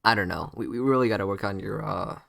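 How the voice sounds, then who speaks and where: A man's voice: lowish voice, fast talker, creaky, a bit bright, no echo, clean studio sound. A man voicing a cocky, mocking teenage boy ninja, taunting with lots of fillers and restarts.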